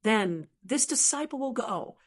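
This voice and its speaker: A woman voicing a bold young male martial disciple who shouts his battle cries in an audiobook. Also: on the high side, animated, measured pace. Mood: calm.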